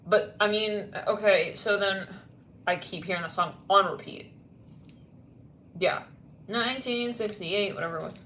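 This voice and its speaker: A woman's voice: mid-range voice, measured pace, pauses often, fairly bright tone, roomy sound, a little hiss or hum. A woman giving a casual tarot reading, rambling and blunt with lots of fillers. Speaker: tarot reader.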